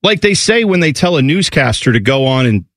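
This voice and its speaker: A man's voice: fairly high pitch, sing-song, brisk, fairly bright tone, dry recording. A man co-hosting a casual podcast chat in a plain American accent, talking in a loose, rambling way and slipping into mocking quoted voices. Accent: General American. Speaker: podcast co-host.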